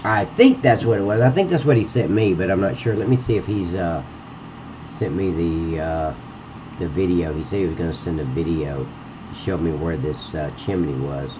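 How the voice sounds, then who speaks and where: A lower-pitched man streaming live as he works on a game map, blunt and quick to swear. His mic sounds dull and lo-fi, with a faint air conditioning hum behind him. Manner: blunt and profane, ranting at a critic. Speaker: livestreamer building a game map. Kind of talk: live-stream chat while editing.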